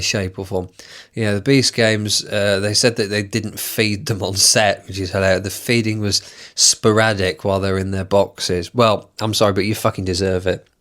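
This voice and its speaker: A man's voice: on the low side, fairly bright tone. A man hosting a solo podcast, ranting in a sweary, sneering, sarcastic way and mocking what he reads aloud. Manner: reads items aloud and mocks them. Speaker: podcast host.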